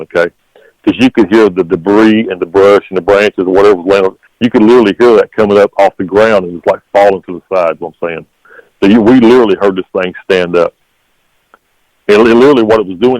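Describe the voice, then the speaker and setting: Low-voiced nc guy with a drawl, rambles thru his story, dry close sound. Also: quick pace, darkish tone, no room sound, low-quality recording. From North Carolina. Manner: rambling, repeats "literally" and "okay?". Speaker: guest. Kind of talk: telling an encounter story.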